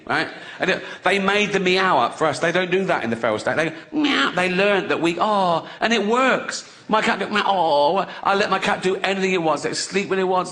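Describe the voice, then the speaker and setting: A man's voice: on the high side, fairly bright tone. A man doing a stand-up comedy routine, sardonic and profane in a chatty way.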